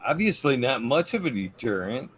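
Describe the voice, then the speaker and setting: A man's voice: medium pitch, sing-song, moderate pace, background noise. A man hosting a casual podcast interview, asking loose, rambling questions with some swearing. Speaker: podcast host.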